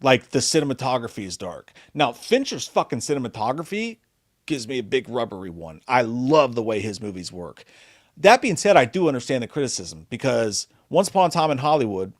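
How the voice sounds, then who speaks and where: A man co-hosting a live movie chat stream, joking and swearing through excitable rants. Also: mid-range voice, fairly quick, no echo, studio quality. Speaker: co-host of a live movie show.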